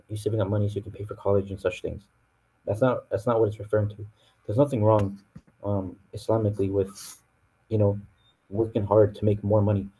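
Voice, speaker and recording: A man's voice: fairly low pitch, slightly rough, poor audio. A man with a North American accent explaining Quranic verses in a casual classroom way, with many fillers and restarts. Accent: North American English. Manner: relaxed, full of fillers and restarts. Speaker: Quran teacher.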